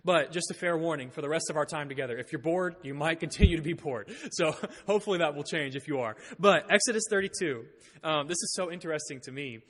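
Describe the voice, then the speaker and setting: Guy giving a sermon, kinda high voice, long echo from the church hall, reads scripture and explains it, some dry jokes. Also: quick pace, fairly bright tone. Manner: explanatory, with light self-deprecating humor. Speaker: preacher. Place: church sanctuary.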